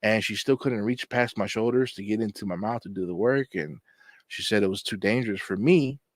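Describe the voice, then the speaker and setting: A man's voice: fairly low pitch, brisk, no echo. A man hosting his own channel, talking in a loose, rambling, conversational way to people joining a live chat. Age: adult. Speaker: channel host. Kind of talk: casual livestream chat.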